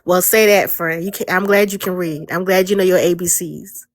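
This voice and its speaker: A woman's voice: on the low side, fairly even intonation, moderate pace, dry recording. Woman host, blunt and teasing, casual live chat, dry close phone sound.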